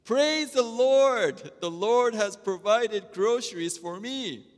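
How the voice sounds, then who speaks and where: A man voicing an elderly, devout woman who exclaims her praise loudly and slowly. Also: a little high, animated, big-room sound. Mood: jubilant.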